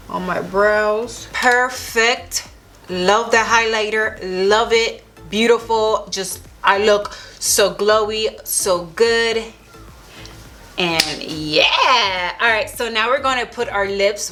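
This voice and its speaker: This young woman's mid-range voice sounds pushed and bright. She's a beauty vlogger gushing with enthusiasm as she applies products during a makeup tutorial.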